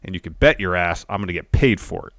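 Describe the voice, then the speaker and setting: A man co-hosting a wrestling podcast, casually recapping a show and acting out the wrestlers' promos with animated delivery. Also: low voice, fast, dry recording, clean studio sound.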